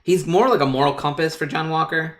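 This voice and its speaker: A man hosting a casual podcast chat, excitable and rambling, full of fillers and quick asides. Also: on the high side.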